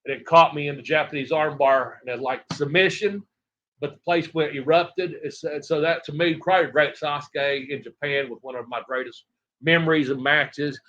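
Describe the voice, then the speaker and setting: A middle-aged man from Tennessee, a retired wrestler telling rambling, animated stories as an interview guest and acting out other people's lines. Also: fairly high pitch, normal speed. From Tennessee, USA. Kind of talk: casual storytelling interview. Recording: dull lo-fi audio.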